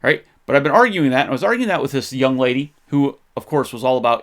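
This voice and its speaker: A man's voice: mid-range voice, quick pace, creaky, hardly any pauses. A man hosting a faith podcast, talking in an impassioned, conversational way with frequent restarts. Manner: impassioned, gets fired up. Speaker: podcast host. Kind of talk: faith-based history commentary.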